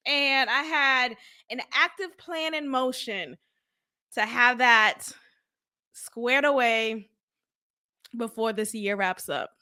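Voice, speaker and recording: A rambling woman podcaster from Boston talks casually on her own show. Her voice sits high and sounds bright and sharp. She laughs often and swings between loud outbursts and quiet asides. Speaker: podcast host. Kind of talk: casual solo podcast chat.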